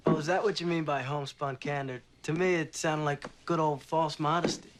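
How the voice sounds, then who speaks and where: A man's voice: a little high, fairly even intonation, brisk, heavy background noise, lightly acted. A young actor playing a confident male college debate star who needles his new roommate. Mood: teasing. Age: young adult. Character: cocky young male debate champion, teasing.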